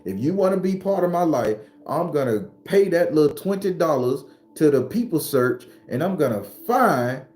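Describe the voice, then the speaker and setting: A man streaming live, talking bluntly with plenty of cursing and calling out viewers by name. His voice is dark and mellow, with faint music playing underneath. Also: a little high, moderate pace, few pauses. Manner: blunt, profane, animated, greets viewers by name. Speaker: host. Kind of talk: casual live-stream talk.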